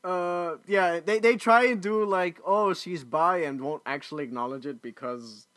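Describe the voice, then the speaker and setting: A man co-hosting a casual movie review, excitable and quick to laugh, often trailing off and restarting his sentences. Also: a little high, smooth, no room sound.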